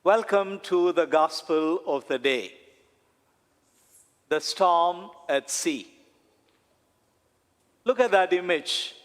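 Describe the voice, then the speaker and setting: A man, a priest, preaching a sermon slowly and deliberately, with dramatic pauses and repetition. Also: a little high. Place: church. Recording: long church reverb.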